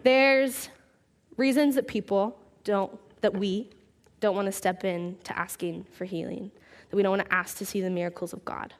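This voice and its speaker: A young woman preaching to her church in a relaxed, conversational way. She tells stories with plenty of "like" fillers and lively acted-out bits. Her pitch sits in an ordinary middle range. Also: normal speed. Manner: chatty, animated, many fillers like "like". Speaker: speaker at church. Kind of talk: casual sermon with storytelling.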